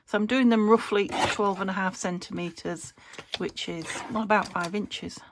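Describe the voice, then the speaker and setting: In a casual crafting chat to camera, this woman from the United Kingdom talks through her work, occasionally dropping to a half-whisper. She speaks at a moderate pace in a mid-range voice with fairly even intonation, over background noise.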